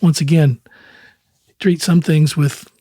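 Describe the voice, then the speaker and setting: A man in his sixties, a country singer being interviewed, tells long, meandering stories full of quoted dialogue and easy chuckles. His voice is a little high and mellow, slow with fairly even intonation. The studio-quality recording has no room sound.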